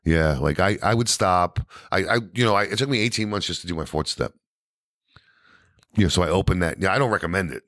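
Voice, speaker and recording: A man with a New York accent telling his recovery story as a podcast guest, animated and peppered with "you know what I mean". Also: deep voice, a little fast, dry recording, studio quality.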